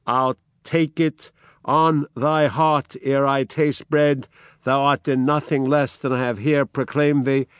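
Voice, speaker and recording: A man voicing a stern duke passing judgment in fury, with a forceful, declamatory reading from a play. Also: medium pitch, level tone, slow, clean tone, no echo, studio quality, voice pushed up, close to an everyday voice.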